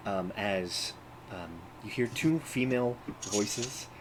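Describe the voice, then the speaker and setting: A man narrating a tabletop game as game master, pausing often with ums and uhs. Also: fairly low pitch, slight background noise, rough recording. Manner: halting, many ums and uhs.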